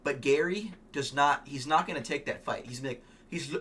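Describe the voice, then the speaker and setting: Male vlogger, casual fight talk, opinionated and profane, tense bright tone. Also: medium pitch, normal speed, slightly rough. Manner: rambling, opinionated, swears, frequent ums. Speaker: MMA fan vlogger.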